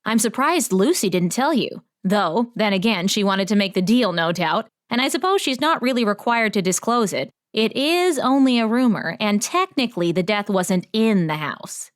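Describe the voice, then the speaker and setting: A woman's voice: mid-range voice, big pitch swings, moderate pace, few pauses, close to an everyday voice. A woman voicing a theatrical, gossipy small-town woman in an audiobook, coy and fond of drama. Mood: gossipy, dramatic. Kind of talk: audiobook character voice.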